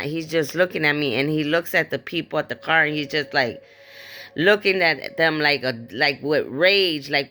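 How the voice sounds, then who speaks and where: A woman's voice: low-pitched, bright, forceful tone. A middle-aged woman, a grieving mother, vividly retelling a traumatic event with quoted speech, fillers and raw swearing. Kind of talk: personal testimony.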